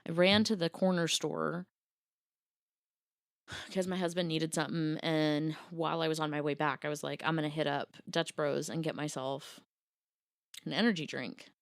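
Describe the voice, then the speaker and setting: Give me a woman podcast co-host with a lowish voice venting and cursing in a dry, close sound. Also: fairly even intonation, moderate pace, pauses often, clean tone, no echo. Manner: profane, exasperated storytelling. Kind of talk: casual chat.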